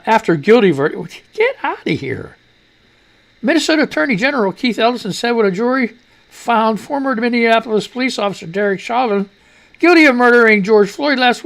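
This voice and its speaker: Crude radio guy reading news and riffing, gravelly voice, swings his pitch all over. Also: fairly bright tone. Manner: crude, mocking, rambling asides. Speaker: radio show host. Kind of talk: casual news commentary.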